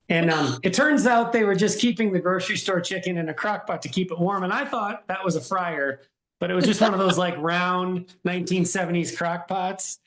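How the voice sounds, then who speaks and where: A man hosting a podcast, telling a story in casual chat with animated, self-mocking energy. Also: sits high, a little fast. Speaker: podcast host. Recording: roomy echo.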